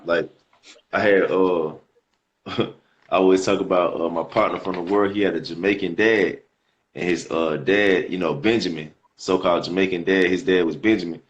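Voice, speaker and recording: A man's voice: deep voice, steady tone, normal speed, muffled recording. A man teaching scripture in a casual, slangy way, reading verses aloud and repeating words as he explains them. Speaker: preacher.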